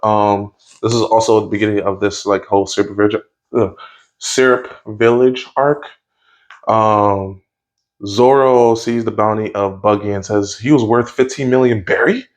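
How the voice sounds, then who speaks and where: A man's voice: lowish voice, fairly even intonation, measured pace. A man giving a casual spoken review of a TV episode, easygoing and rambling, with lots of fillers and restarts. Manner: rambling, with frequent fillers and self-corrections; easygoing and conversational.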